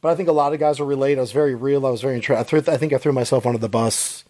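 A man's voice: mid-range voice, steady tone, very fast, a little mellow. A man in his thirties co-hosting a podcast, talking earnestly in a casual, rambling way with many restarts. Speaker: podcast co-host. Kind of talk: casual chat.

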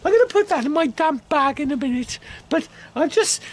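A man voicing a vain, flirty female supermodel in a comic character monologue, cooing and giggly with drawn-out oohs. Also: very high-pitched, animated.

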